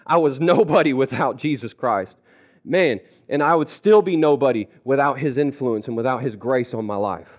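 A male preacher delivering a sermon, emphatic, repeating key phrases and slowing down for scripture. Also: mid-range voice. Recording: dull lo-fi recording.

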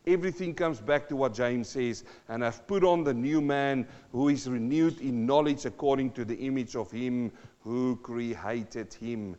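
A man preaching a sermon in a church, animated, asking rhetorical questions and swinging between loud and hushed. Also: medium pitch, unhurried, few pauses, in a large hall, lo-fi sound. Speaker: pastor.

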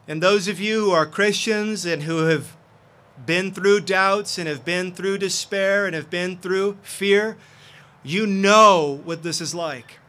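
A man's voice: high voice, slow, pushed and bright. A man preaching a sermon as pastor, earnest and impassioned.

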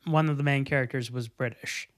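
Podcast host, mid-pitched, loose and jokey, rambles through stories. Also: steady tone, brisk. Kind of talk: casual podcast chat.

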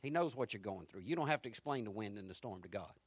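A man preaching a sermon, moving from quiet, reflective lines to loud, repeated build-ups. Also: fairly low pitch, animated, fast talker, slightly rough, no room sound. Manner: swings from quiet to rising, repetitive preaching. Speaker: pastor.

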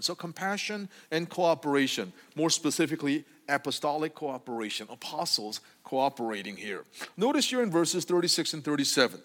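A man delivering a conversational sermon in a church sanctuary. His voice sits fairly high and swings widely in pitch, and he keeps checking in with the congregation as he explains. A long hall reverb trails after his words. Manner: animated, often asking the congregation "right?". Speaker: preacher.

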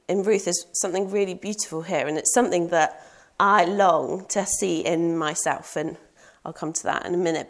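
A young woman preaching a sermon in an earnest, personal way, asking rhetorical questions. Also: on the low side.

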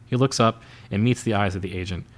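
A man's voice: fairly low pitch, fast talker. A man reading a novel aloud for a podcast in a loose, casual way, stumbling and restarting now and then. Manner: unpolished, stumbling restarts and chuckles.

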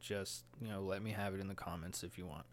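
A man's voice: low voice, steady tone, fast. A young man hosting a solo podcast, rambling crude and profane, nervous and a bit short of breath, laughing at his own jokes. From United States. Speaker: podcast host. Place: indoors, talking alone into a mic.

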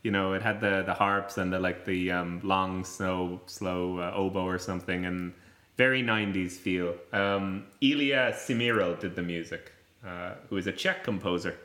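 A man's voice: low voice, steady tone, moderate pace, pushed and bright, echoey room. Rambling podcast host man. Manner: rambling with fillers and restarts. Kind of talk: casual film chat.

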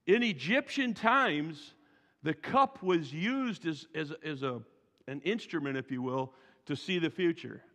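A man preaching a sermon as pastor, telling the story in an animated way, acting out the quotes and adding chuckling asides. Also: a little high. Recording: long hall reverb.

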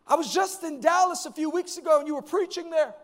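A man voicing an eager, persistent young woman from a church congregation, gushing with excitement. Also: very high-pitched, fast talker, pitched above the performer's own voice.

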